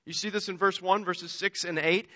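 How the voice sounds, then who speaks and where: High bright-voiced guy preaching a sermon, earnest storyteller, muffled lo-fi sound. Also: fairly even intonation, moderate pace. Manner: earnest storytelling, repeats words as he restarts.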